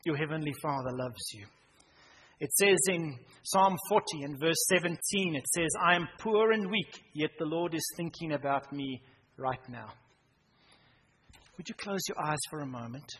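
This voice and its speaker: Guy preaching in a church, kinda high voice, big hall echo, drops to almost whispering then punches back up. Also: moderate pace, slightly rough. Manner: dramatic swings from loud emphasis to near-whisper. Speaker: pastor. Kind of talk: sermon. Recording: reverberant church hall, faint noise.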